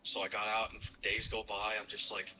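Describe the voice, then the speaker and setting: A man's voice: lowish voice, monotone, fairly quick, lo-fi sound, music in the background. A man in his thirties from New York City, rambling through profane personal stories on his stream with many fillers. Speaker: streamer host. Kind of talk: casual storytelling on a stream.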